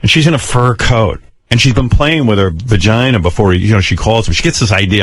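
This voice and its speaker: A man's voice: fairly low pitch, sing-song, a little fast, few pauses, breathy edge, no echo. An older man hosting a radio show, telling personal stories in a blunt, profane, wry way. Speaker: radio host. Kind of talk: candid storytelling on talk radio.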